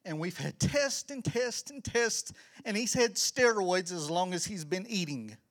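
His voice sits high as this middle-aged man, a children's ministry pastor, gives a spirited, sermon-like church talk. At points he rises into forceful shouts.

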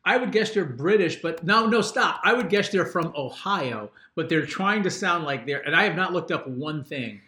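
A man's voice: on the high side, animated, moderate pace, few pauses, bright, forceful tone. An older man, a father and regular panelist on a podcast, musing through an album review in a rambling way, often restarting his sentences. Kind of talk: casual chat, album review. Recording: roomy echo.

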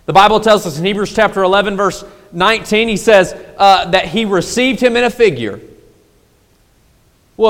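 Man, pastor, high voice, sermon, big swings in loudness and pace, long hall reverb. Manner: preaches with sweeping swings between loud emphasis and low, drawn-out phrases.

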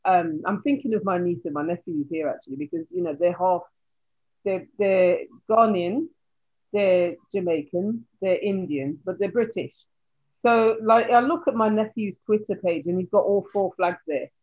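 A woman sociologist joins a podcast panel as a guest and speaks with animated emphasis. Her talk is full of fillers. Her voice comes through a narrow, phone-like line. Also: fairly low pitch, moderate pace. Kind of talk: casual panel chat.

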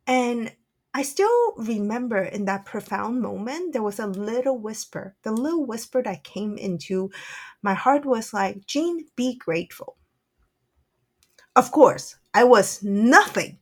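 A woman who works as a spiritual channeler, telling a personal story in a soft, earnest way with frequent "like" fillers. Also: on the high side, lively intonation, unhurried.

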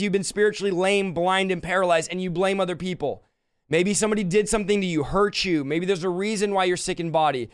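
A man's voice: sits high, smooth, no echo, clean studio sound. A man preaching a fervent sermon, repeating phrases and acting out quoted dialogue.

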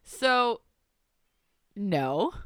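A woman co-hosting a podcast, chatting in a wry, animated way and riffing on her co-host. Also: medium pitch, extremely slow, smooth, dry recording, clean studio sound. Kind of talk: casual chat.

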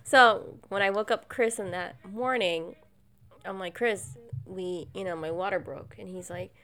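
A young woman in casual chat, telling stories animatedly and jumping into quoted voices. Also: measured pace. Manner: animated storyteller, jumps to high acted voices. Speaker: co-host.

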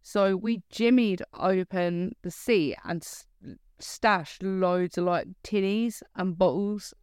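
Smooth-voiced teasing woman. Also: medium pitch, steady tone, takes it slowly, darkish tone, no room sound, studio quality. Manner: teasing, blunt and sweary. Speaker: podcast co-host. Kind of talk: casual chat.

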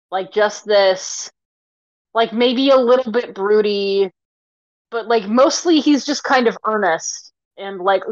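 Chatting loosely as a podcast co-host, a woman thinks out loud and uses "like" a lot as filler. She has a medium pitch, and the lo-fi recording carries no room sound.

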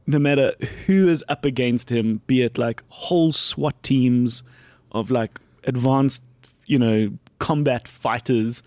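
A young man hosting a casual podcast chat, animated and swearing, laughing as he talks. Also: mid-range voice, slow pace, no room sound. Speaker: podcast host.

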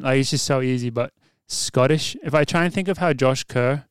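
A man's voice: mid-range voice, moderate pace, clear, resonant tone, no echo, studio quality. An Australian man hosting a podcast, chatting casually in laughing, easygoing banter. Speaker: podcast host. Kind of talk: casual chat.

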